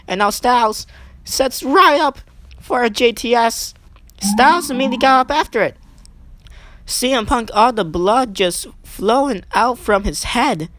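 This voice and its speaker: A woman giving eager play-by-play wrestling commentary over a video game, climbing high in pitch as she counts pins, with chatty asides. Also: dry recording. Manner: excitable, rising sharply on pin counts, chatty asides. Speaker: gaming channel host.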